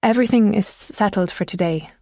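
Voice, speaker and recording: A woman reading a worried young woman speaking gently to her confused father. Her tone is patient and pleading. The voice sits dry and close to the mic. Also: medium pitch, brisk, dry recording, close to an everyday voice. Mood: coaxing.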